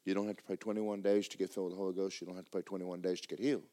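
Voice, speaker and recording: Emphatic preaching pastor. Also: male voice, sits low, flat delivery, racing. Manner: emphatic and repetitive, with loud bursts of fervent prayer. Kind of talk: sermon. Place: church.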